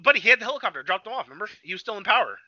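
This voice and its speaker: A man's voice: sits high, rapid-fire, no room sound. A man co-hosting a movie review podcast, rambling through the plot in casual chat with lots of "like". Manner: rambling plot retelling full of "like", with animated quoted voices. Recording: slightly dull lo-fi, dry.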